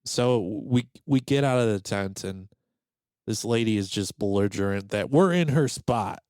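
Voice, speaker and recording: A man's voice: on the low side, normal speed, clean tone, no echo. A man casually telling a story on a podcast, acting out the voices of the people in it. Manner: animated, acts out quoted voices. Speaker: podcast host.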